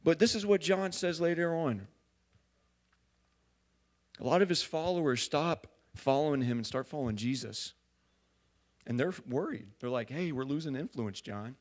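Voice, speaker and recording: A man preaching a sermon in a church, talking casually with many fillers and building to loud fervor. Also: on the high side, normal speed, long pauses. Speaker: pastor.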